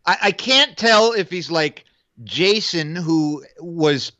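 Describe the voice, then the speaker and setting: A man's voice: a little high, expressive, takes it slowly, bright, forceful tone, no echo, dull audio. A man co-hosting a casual movie review podcast, talking in a joking, profane, rambling way. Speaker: podcast co-host. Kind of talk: casual film review chat.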